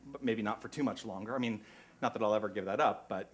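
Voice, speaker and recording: A man's voice: lowish voice, fast, slightly rough. A man from the United States welcoming a congregation as minister, chatty and effusive with rambling asides. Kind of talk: church service welcome.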